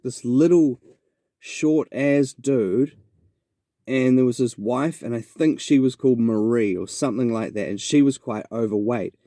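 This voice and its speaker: Warm in tone and mid-range in pitch, a New Zealand-accented podcast host rambles reflectively through a story, restarting often in his casual monologue. The studio recording is clean and echo-free.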